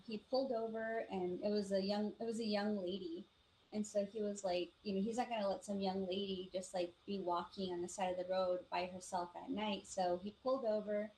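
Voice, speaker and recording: A woman from the Navajo Nation, co-hosting a live show and telling ghost stories in a casual, animated way, acting out the voices of the people in them. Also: medium pitch, a little hiss or hum, low-quality recording. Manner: animated storyteller, acts out quoted voices, many "like" fillers. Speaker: podcast co-host. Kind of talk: casual storytelling chat.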